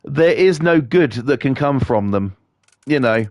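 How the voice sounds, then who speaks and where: A British man ranting on a game stream, coarse, scornful and swearing freely. His voice sits at an ordinary middle pitch and the sound is dry and close. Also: lively intonation, a little slow, a little mellow, no room sound. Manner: profane, blunt, scornful. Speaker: livestreamer.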